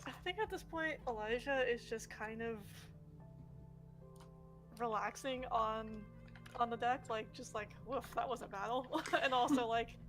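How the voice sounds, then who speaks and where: A high-voiced woman playing in a tabletop game, easygoing and quick to laugh. Music plays clearly behind her. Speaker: player.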